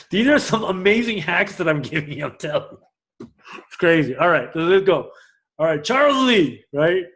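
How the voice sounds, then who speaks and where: A man teaching a live class to a room of people, energetic and often checking that everyone is following. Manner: energetic, swings loud and high when excited; asks the room for agreement. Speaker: class instructor.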